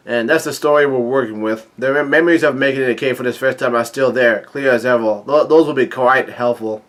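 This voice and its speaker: A man reading a manga chapter aloud in a casual, halting way, with many fillers and restarts, voicing the lines and adding his own comments. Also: medium pitch. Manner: reads dialogue aloud with light commentary. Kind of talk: casual manga read-through.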